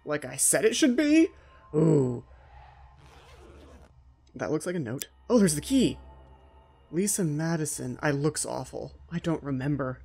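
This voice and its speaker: A man's voice: a little high, very animated, a little slow, creaky, pauses often, dark tone, husky, soft background music. A man hosting a let's play, giving jittery, frightened commentary on a horror game and talking to himself.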